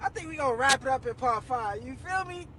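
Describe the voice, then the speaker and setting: A man's voice: extremely high pitch, brisk, very noisy. A young man telling a story to camera in a casual, slangy way, acting out what people said. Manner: animated, slangy, acts out quoted voices.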